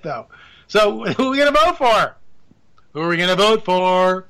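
A man's voice: high voice, animated, moderate pace, pushed and bright. A man delivering a rambling, sarcastic political commentary monologue, full of asides and mock disbelief. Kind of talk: opinionated monologue.

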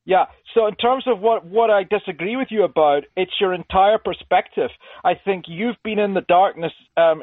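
A man's voice: sits high, no echo. Earnest man on a tinny phone line. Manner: polite, earnest, measured disagreement. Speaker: caller. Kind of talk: calling in to a radio show.

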